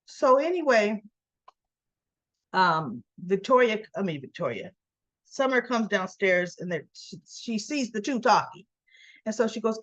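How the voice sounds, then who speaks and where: A woman's voice: medium pitch, big pitch swings, unhurried, highs cut off. A woman chattily retelling a soap opera episode, acting out what the characters say in a casual recap. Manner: chatty, retells scenes and acts out the characters' lines.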